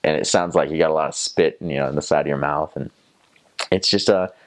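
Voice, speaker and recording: A man's voice: a bass voice, brisk. A young man from North Carolina with a Southern American accent, chatting casually about his time as a missionary and slipping into playful accent imitations. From North Carolina, USA. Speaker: returned missionary. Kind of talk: casual storytelling.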